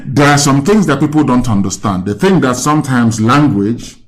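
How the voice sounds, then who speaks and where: A man's voice: mid-range voice, lively intonation, normal speed. A man with a Nigerian accent hosting a live call-in talk, lecturing and asking the caller rhetorical questions. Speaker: host.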